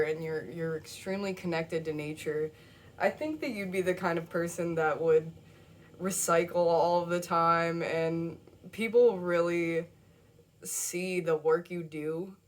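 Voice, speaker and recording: A young woman gives a casual tarot reading to camera, chatty and emotional, often laughing and repeating words. Her voice is lowish and a little mellow, with slight background noise.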